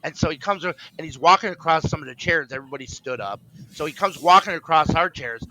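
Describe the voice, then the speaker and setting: A man's voice: a little high, quick pace, bright, forceful tone, dry recording, low-quality recording. A man co-hosting a podcast, telling a rambling story in casual chat, full of fillers and restarts and acting out the voices he quotes. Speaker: podcast co-host.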